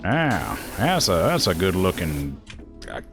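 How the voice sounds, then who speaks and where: A man voicing an exaggerated hearty Southern cowboy with a mock Southern accent, loud and whooping. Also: low voice, wildly swooping pitch, slow, soft background music, exaggerated voice.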